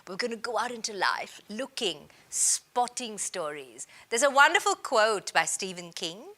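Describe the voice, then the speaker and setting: Woman from india teaching business storytelling, bright voice that swings all over, really emphatic. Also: mid-range voice, a little slow. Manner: lively, emphatic teaching delivery. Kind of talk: recorded training presentation. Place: based in Australia.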